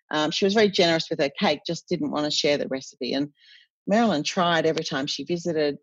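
A woman, an interview guest chatting in an animated storytelling way with frequent self-corrections. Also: sits low, a little fast, husky. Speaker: cookbook author guest. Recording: dull, dry podcast audio.

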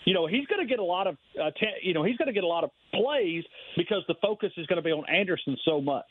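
A man's voice: high-pitched, expressive, quick pace, breathy edge. A man talking sports as a guest over the phone, emphatic and rambling, with many restarts. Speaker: radio host guest. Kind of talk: sports radio phone interview. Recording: tinny phone line.

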